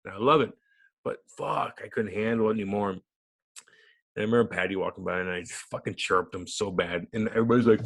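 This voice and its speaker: A man, a former hockey enforcer turned radio host, telling a loud, profane, animated story in an interview. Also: fairly low pitch, fast talker, creaky. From United States.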